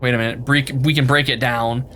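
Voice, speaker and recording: A man's voice: medium pitch, steady tone, a little fast, bright, forceful tone, faint music behind. A man streaming a video game, reading the game text aloud and reacting playfully.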